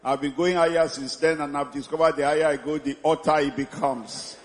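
A man in his fifties preaching a sermon, exuberant, often shouting and laughing, stretching out his praise calls. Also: fairly high pitch, fairly even intonation, brisk. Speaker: pastor. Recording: echoey hall with congregation noise.

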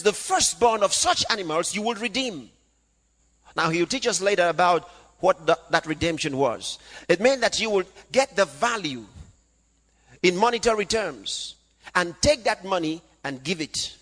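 A man preaching a sermon, reading scripture aloud and swinging between loud calls and hushed asides. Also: high-pitched. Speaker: pastor. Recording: long hall reverb.

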